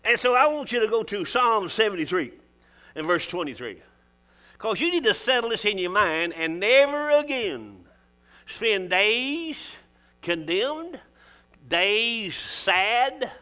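Folksy older preacher, high and bright. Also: male voice, very animated, takes it slowly. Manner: folksy, preacherly, calls out to the congregation. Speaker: pastor. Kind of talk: sermon. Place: church.

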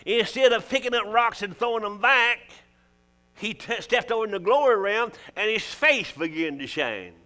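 A man's voice: sits high, pushed and bright. A man with a Southern US accent preaching a sermon, folksy and joking, with emphatic calls to the congregation.

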